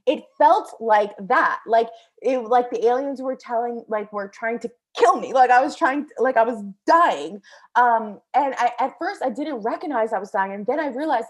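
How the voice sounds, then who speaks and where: Young woman telling a scary story, fairly high voice. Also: normal speed. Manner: breathless, animated, many fillers; swears casually. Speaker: vlogger. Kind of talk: casual storytelling.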